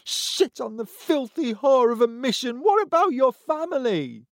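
A man voicing an angry, sharp-tongued peasant wife who scolds and shouts at her husband. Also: extremely high pitch, expressive, measured pace, dry recording, clean studio sound, pitched above the performer's own voice, exaggerated voice. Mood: furious.

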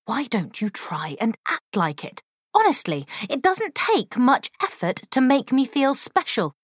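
Sharp-tongued sister, sarcastic, lively pitch, dry close sound, woman narrating. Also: a little slow, husky, no room sound, heavily acted. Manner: sarcastic, muttering through clenched teeth.

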